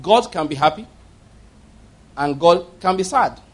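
A man's voice: a little high, lively intonation, a little slow. A middle-aged man preaching a sermon, telling stories with emphatic repetition. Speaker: pastor.

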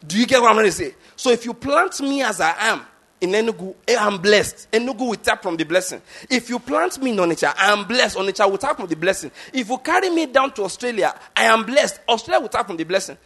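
A man's voice: sits high, animated, quick pace, fairly bright tone. A Nigerian man in his fifties preaching a sermon, emphatic and repetitive, often asking listeners if they follow. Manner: emphatic, repeats points, asks the audience if they follow. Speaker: pastor.

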